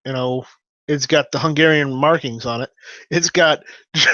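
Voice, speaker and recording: A man chatting casually on a show, halting and restarting with fillers and stammers. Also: a little high, sharp tone, dry recording. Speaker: podcast regular. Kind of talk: casual gun talk chat. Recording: dull lo-fi audio.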